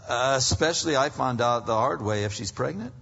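A man gives a casual, lively sermon aimed at married men, slipping into short acted-out exchanges. His voice has a slight husky edge. The recording is muffled and dull, with a long reverb trailing through a large hall. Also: mid-range voice, brisk. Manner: conversational preaching, animated, acts out husband dialogue.

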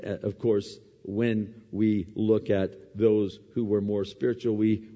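A man's voice: fairly low pitch, husky. Male pastor preaching in a reverberant hall. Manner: conversational preaching, rising to emphatic peaks, then dropping to soft asides. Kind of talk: sermon. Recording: dull lo-fi sound with long hall reverb.

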